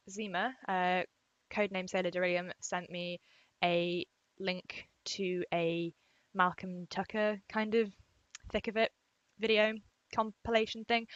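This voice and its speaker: A young English woman vlogging at home to her webcam, chatty and self-deprecating, talking quietly so as not to wake the household. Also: on the low side, dry recording, highs cut off. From England. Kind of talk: casual webcam vlog. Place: room at home.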